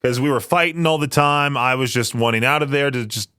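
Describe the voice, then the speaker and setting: Young guy dj on rock radio, rambly and laughy, average pitch, dry close studio mic. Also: fairly quick, bright, forceful tone, smooth, dry recording. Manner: chatty and rambling, laughs often. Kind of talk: casual radio chat. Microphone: studio microphone.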